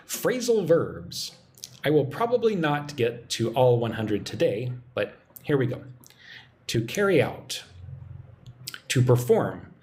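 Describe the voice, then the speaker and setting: A man giving a live-streamed English lesson, relaxed and chatty as he reads out viewer comments. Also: medium pitch, slight background noise. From United States. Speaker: English teacher.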